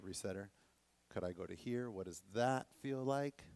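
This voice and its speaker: A man teaching a dance workshop to a class, animated and often checking that the students are following. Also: lowish voice, moderate pace, no room sound. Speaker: dance instructor.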